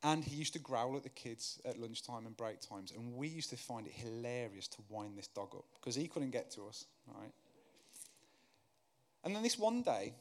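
A man delivers a sermon in a lively, conversational way. His mid-pitched voice climbs high and loud as his stories build, then drops low and quiet for prayer. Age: 30s. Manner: animated storyteller, grows loud and high when excited, softer and slower in prayer. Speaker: guest preacher. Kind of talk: sermon storytelling.

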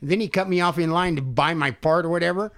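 An older man casually telling a profane, animated story on a podcast, acting out the quotes. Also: a little high, quick pace.

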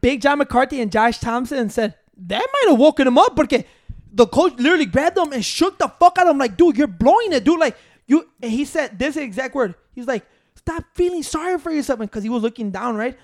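Clean, dry studio audio captures a man with an extremely high voice talking fairly quickly in casual sports chat. He tells stories animatedly, acts out quotes and swears constantly, switching between English and Spanish.

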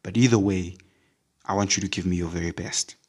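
A man voicing a firm male football coach who keeps insisting on a player's very best, in an everyday deep voice. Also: steady tone, brisk, breathy edge. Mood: insistent. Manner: insistent, repeating demands.

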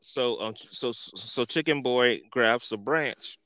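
A man tells a comic story in a loose, rambling way, with plenty of profanity and mocking insults. His voice sits at an ordinary middle pitch, and he speeds up and slows down as he goes. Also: no room sound. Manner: crude, animated, full of profanity and insults. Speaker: podcast host.

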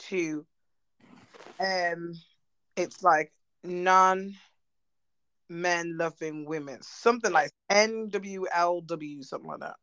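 A woman's voice: on the low side, a bit bright, no room sound, rough recording. A woman co-hosting a podcast, talking bluntly and animatedly and swearing freely. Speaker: podcast co-host. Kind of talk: casual chat.

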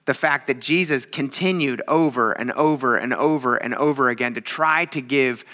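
Bright-voiced, chatty male pastor. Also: mid-range voice, moderate pace. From military veteran. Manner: chatty, teasing, self-mocking. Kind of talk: casual sermon.

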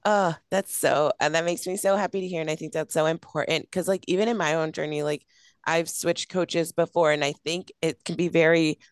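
A young woman who hosts a podcast and works as a coach chats casually in an interview, gushing and filling her speech with lots of "like"s. Her low, smooth voice holds a steady tone at a brisk pace. The recording is dry and studio quality.

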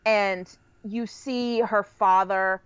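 A woman on a podcast, recapping a movie plot in long, detailed stretches and often slowing down to stress points. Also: medium pitch, fairly even intonation, smooth, muffled recording. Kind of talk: casual movie discussion.

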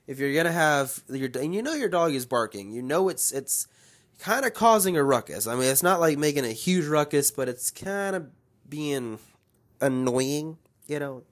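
A young man hosts his own podcast alone, speaking in an unscripted, rambling way. He gets worked up and animated as he rants, with an ordinary mid-range voice. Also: mid-range voice. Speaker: podcast host. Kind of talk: casual solo podcast chat.

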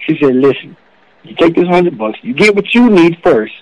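A man's voice: on the high side, very animated, moderate pace, darkish tone, muffled recording. A man, a former football player telling an earnest, emotional story in an interview, full of "you know"s.

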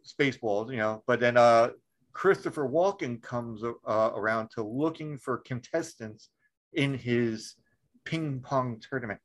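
A man's voice: mid-range voice, a little slow, low-quality recording. Rambling swearing podcast host, man. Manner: rambling, swears freely, many fillers and restarts. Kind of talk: casual chat.

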